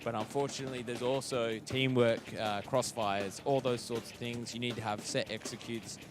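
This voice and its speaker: A man's voice: medium pitch, fairly even intonation, moderate pace. A man doing blunt, joking live esports commentary and analysis. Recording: faint music behind.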